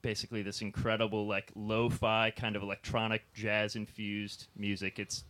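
A man's voice: fairly low pitch, little pitch movement, moderate pace, a bit bright. A man from Wisconsin, a band's keyboard player, chatting as a guest in a radio studio, out of breath and friendly. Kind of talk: casual radio interview.

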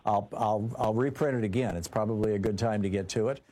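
A man's voice: fairly low pitch, fast, dark tone. A man hosting a talk radio show, reading sponsor spots and taking listener calls, with some hesitant restarts when he speaks off the cuff.

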